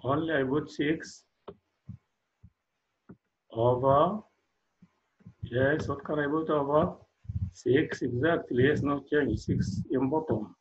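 Guy teaching kids math, talks real slow, keeps saying very good, kinda muffled lo-fi audio. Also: medium pitch. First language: Arabic. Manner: slow, encouraging, repeats praise, non-native English phrasing. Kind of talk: classroom math lesson.

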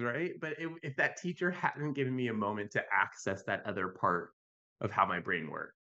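A man with a fairly low voice tells stories on a podcast. He sounds animated and conversational and keeps checking in with a quick "right?". The audio is dull and a little lo-fi. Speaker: podcast guest, youth mental health advocate. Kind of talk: conversational storytelling.

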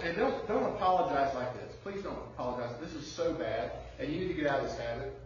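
A man's voice: a little high, slight background noise. Distant echoey pastor preaching, a man. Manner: conversational preaching, acts out dialogue. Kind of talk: sermon. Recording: very echoey hall, distant, dull lo-fi.

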